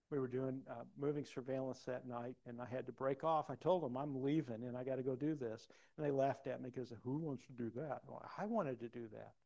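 A man preaching a personal testimony, acting out dialogue and swinging from soft to loud. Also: mid-range voice, creaky. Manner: animated, acts out dialogue, big swings in loudness. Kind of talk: sermon storytelling.

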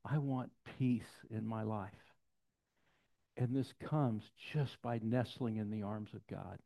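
A man's voice: fairly low pitch, slow, creaky. Man preaching a storytelling sermon. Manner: storytelling, animated quotes, drops to soft intensity. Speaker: pastor. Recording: dull lo-fi sound.

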